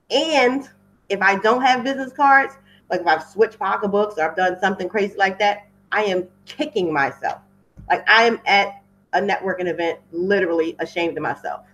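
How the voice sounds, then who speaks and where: A woman with a medium-pitched, fairly bright voice hosts a webinar for wedding professionals over a computer mic, and the recording quality is poor. She talks casually and off script, repeating words for emphasis.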